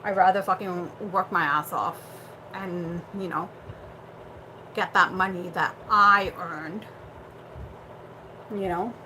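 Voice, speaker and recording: A woman's voice: fairly low pitch, fairly even intonation, slow, pauses often, sharp tone, a little hiss or hum, low-quality recording. Blunt, chatty young woman livestreaming. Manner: blunt, chatty, swears freely, lots of fillers. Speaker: livestream host. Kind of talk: casual livestream chat.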